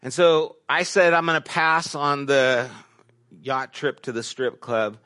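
A middle-aged man, a pastor, preaching a sermon and telling stories, dropping to hushed asides and rising to emphatic questions. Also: medium pitch, measured pace. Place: church sanctuary.

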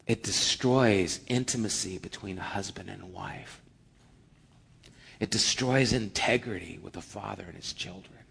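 A man preaching a sermon as pastor, earnest, moving between strong emphasis and hushed, almost whispered passages. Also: on the low side, vocal fry, slightly rough.

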